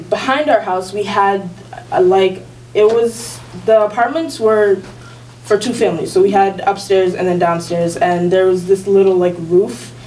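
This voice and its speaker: A woman's voice: medium pitch, dark tone. A teenage girl tells a personal story at a school gathering, rambling casually and laughing as she goes. Her voice sits in the middle range. She is picked up from a distance, with a faint hum of the room behind her. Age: teens. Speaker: student storyteller. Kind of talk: personal storytelling at a live event. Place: school event space.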